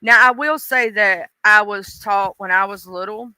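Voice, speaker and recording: A woman's voice: mid-range voice, a little slow, pushed and bright, clean tone, no echo. A woman with a mixed Southern accent, chatting casually on a live stream and talking straight to her viewers in a folksy way.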